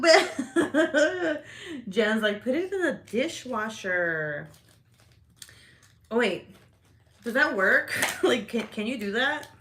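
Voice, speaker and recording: Reacting to comments in a casual livestream chat, this woman laughs often and curses without restraint. Her voice is medium in pitch, gravelly, and fairly bright.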